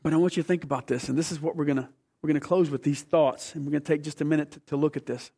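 A male preacher delivering a sermon with a gravelly edge and a slightly raised pitch. He is emphatic and asks the congregation questions. He swings from hushed stretches to loud, urgent bursts. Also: steady tone, very fast.

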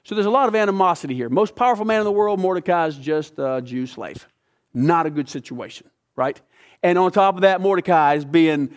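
A man leading a midweek Bible study, retelling the story in an animated way with casual slang. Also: high voice, a little fast. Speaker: Bible teacher.

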